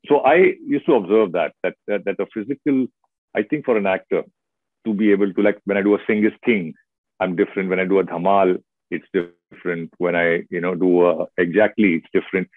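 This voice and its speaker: A man's voice: lowish voice, a little fast, dry recording. Middle-aged Indian man, tinny phone-like sound. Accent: Indian English. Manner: expressive, storytelling, lively asides. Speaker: actor guest. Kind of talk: casual interview chat.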